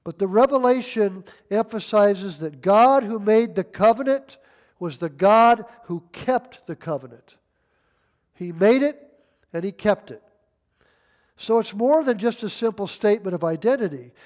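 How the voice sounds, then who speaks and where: Older man in his 60s, pastor, high-pitched voice, emphatic folksy sermon delivery. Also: animated, measured pace, a little mellow. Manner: emphatic, folksy, reads scripture aloud.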